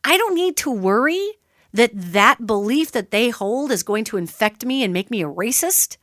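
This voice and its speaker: Her voice sits a little high and moves at a moderate pace, captured dry with studio quality. Running a solo radio talk show, she addresses listeners directly, teaching in an animated, emphatic, conversational manner.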